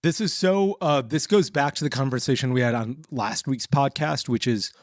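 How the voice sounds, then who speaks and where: A man co-hosting a podcast in a casual, animated chat, full of fillers and restarts. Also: mid-range voice, moderate pace, dry recording, clean studio sound. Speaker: podcast co-host.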